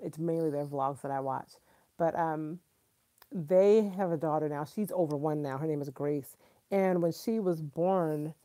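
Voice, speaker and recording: A woman in her thirties hosting a live stream, gushing excitedly and chatting straight to her viewers. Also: lowish voice.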